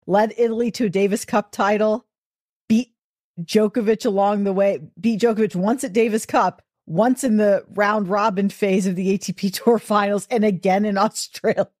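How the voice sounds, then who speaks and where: A woman talking tennis on a podcast in a casual chat, wry and full of quick detail. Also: medium pitch, darkish tone, dry recording, studio quality. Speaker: tennis guest commentator.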